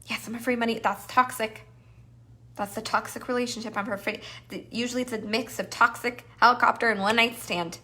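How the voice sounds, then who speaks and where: A woman coach runs a live masterclass with a high, bright, forceful voice. She is animated and playful and slips into quick acted-out inner voices to make her points. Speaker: business coach.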